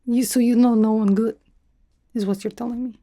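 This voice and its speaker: Whispered role-play of a brash female spy, as a woman puts her on, teasing and chatty that drops its articles. Her voice sits a little high yet mellow, and she rambles in soft, half-whispered asides. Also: steady tone, a little fast, close to an everyday voice. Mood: playful teasing. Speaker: ASMR creator.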